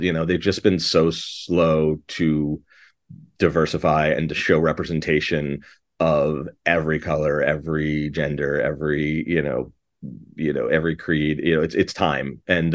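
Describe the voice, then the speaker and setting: A middle-aged man with a very deep, low voice talks as an interview guest. He rambles eagerly, restarting his sentences again and again as he gets caught up in his story. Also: level tone, normal speed. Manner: enthusiastic, rambling with many restarts. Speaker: composer and director guest. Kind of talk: casual interview talk.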